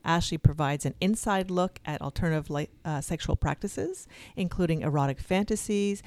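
A woman co-hosts a podcast in a very low voice. She presents in a measured, steady way and introduces the guest and events. The sound is dry and close. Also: no echo. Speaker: podcast co-host. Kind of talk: podcast hosting.

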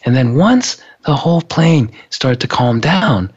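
Husky man telling a story. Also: mid-range voice, unhurried. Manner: relaxed, laughs often, many fillers. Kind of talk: casual storytelling. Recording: dull lo-fi sound.

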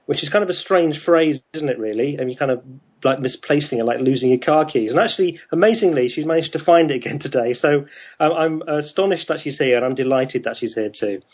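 A man's voice: on the high side, fairly quick, a little mellow, breathy edge. A man hosting an interview show, talking in a hesitant way with many ums and restarts. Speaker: podcast host. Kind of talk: casual interview chat. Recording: dull lo-fi sound.

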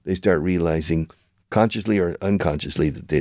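Deep gravelly-voiced older man lecturing. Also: moderate pace, a little mellow, no echo, clean studio sound. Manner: emphatic and lecturing, with many restarts. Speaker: show host and language school founder. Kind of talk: conversational interview, teacherly explaining.

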